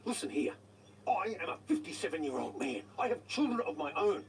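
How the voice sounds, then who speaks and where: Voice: medium pitch, very animated, fairly quick. A performer voicing a grumpy little boy who says he is really a fifty-seven-year-old man, talking in a snappy, rude way. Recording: echoey, distant, noisy clip.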